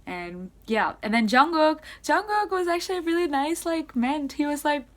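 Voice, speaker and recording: A young woman excitedly recapping a concert she attended, in casual rambling speech full of "like". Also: high-pitched, moderate pace. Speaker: concert-going fan.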